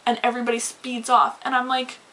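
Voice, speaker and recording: Woman vlogger, bright higher voice, animated profane storytime rant, faint hiss. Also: a little fast, low-quality recording. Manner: animated, swearing, rambling with many "like"s. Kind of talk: casual storytime rant to camera.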